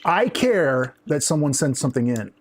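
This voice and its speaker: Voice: mid-range voice, very animated, moderate pace, slight background noise. A co-host in a casual chat, unboxing fan mail, joking playfully and trying silly phrases. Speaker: podcast co-host.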